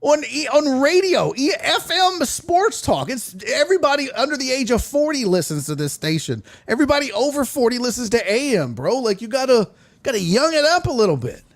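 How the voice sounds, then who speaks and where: A man with a high, very lively voice tells a rowdy, profane story. He is a comedian and sports talk host, a guest on a casual podcast chat. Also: a little fast.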